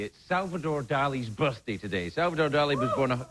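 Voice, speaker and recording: A man's voice: mid-range voice, a little fast, few pauses, a crowd in the background, noisy background. A man hosting a late-night talk show, delivering a jokey stand-up monologue from a studio stage. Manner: animated, jokey, breaks into silly put-on voices. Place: TV studio stage with live audience.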